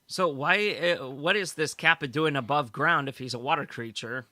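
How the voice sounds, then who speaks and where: A man's voice: fairly high pitch, moderate pace, bright, forceful tone, dry recording. A man co-hosting a casual fan podcast, summarizing news stories and laughing easily. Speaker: podcast co-host.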